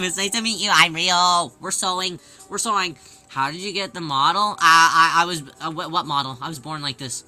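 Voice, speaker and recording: A woman hosting a casual livestream, chatting and answering viewers' questions in a lively way with many restarts. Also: lowish voice, a little fast, faint music behind. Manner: animated, reads and answers chat, many restarts. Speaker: livestream host.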